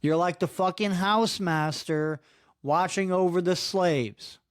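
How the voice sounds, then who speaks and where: A man in his thirties holds forth on his own podcast in a frustrated, expletive-heavy rant, tossing in "dude" and "man" as he goes. His voice sits a little higher than most men's. The sound is dry and close, with no room echo. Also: unhurried. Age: 30s. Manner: profane, frustrated ranting with frequent "dude" and "man". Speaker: podcast host. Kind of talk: casual solo podcast rant.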